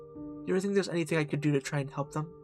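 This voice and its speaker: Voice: medium pitch, rapid-fire, music in the background, natural voice. A streamer voicing a kind, weary female professor in a put-on posh manner while playing a narrative game. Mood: worried. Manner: attempted posh accent.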